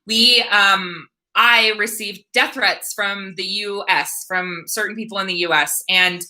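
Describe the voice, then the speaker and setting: A woman's voice: medium pitch, fairly even intonation, measured pace, bright, forceful tone, poor audio. A woman from the United States hosting a casual livestream Q&A, chatty, thanking viewers and reading comments aloud.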